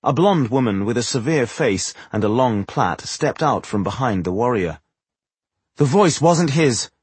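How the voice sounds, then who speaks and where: Husky low-voiced male audiobook narrator. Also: expressive, dry recording. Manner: measured, dramatic storytelling. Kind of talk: scripted fantasy narration.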